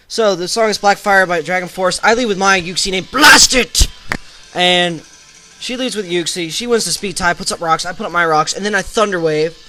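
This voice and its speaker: Bright, high-voiced man narrating a game battle. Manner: chatty play-by-play retelling. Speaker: gaming channel host. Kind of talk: casual battle commentary.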